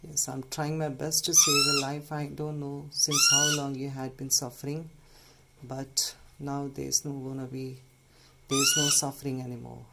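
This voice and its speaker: A man, a bird rescuer, speaking softly and soothingly to an injured baby bird while explaining its care. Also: mid-range voice, wildly swooping pitch, measured pace, creaky. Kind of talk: casual vlog narration. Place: at home, indoors. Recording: noisy home recording.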